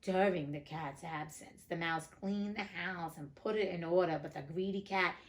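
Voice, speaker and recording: A woman's voice: fairly low pitch, normal speed, low-quality recording. A woman reading old fairy tales aloud, moving between plain narration and casual, blunt commentary. She talks to listeners directly and swears freely in her asides. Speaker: reader and host.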